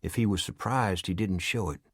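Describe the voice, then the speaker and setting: A man's voice: low voice, normal speed, slightly rough, no echo. Male audiobook narrator, dry close sound. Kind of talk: scripted narration.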